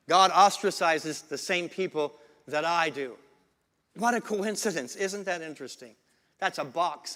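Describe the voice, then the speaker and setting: A man preaches a sermon in a big church sanctuary, and his voice rings out with a long reverb. His voice sits a little high for a man. He has the congregation read lines back with him and often repeats his key phrases. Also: a bit bright. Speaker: pastor.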